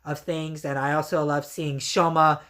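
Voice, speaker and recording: A woman's voice: deep voice, level tone, normal speed, fairly bright tone. A woman recapping a TV episode in a casual, rambling way, full of fillers and restarts. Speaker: reviewer.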